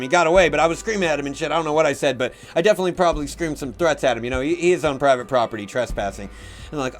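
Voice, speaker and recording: A young man with a fairly high voice tells a rambling story, swearing constantly and veering off on tangents. He breaks into loud, animated outbursts when he quotes himself. Faint music plays behind him. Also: racing. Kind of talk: casual storytelling.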